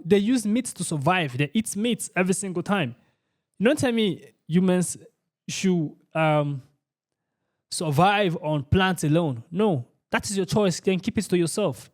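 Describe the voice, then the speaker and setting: Emphatic ranting man, high voice. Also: animated, measured pace, darkish tone. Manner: emphatic and repetitive, asks "you understand?". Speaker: reaction channel host. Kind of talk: ranting commentary.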